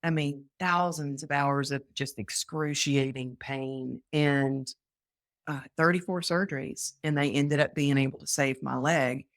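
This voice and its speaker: Animated woman from Texas telling her story. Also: rumbling low, measured pace, no room sound, clean studio sound. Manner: animated, acts out quoted voices. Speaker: guest. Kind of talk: interview storytelling.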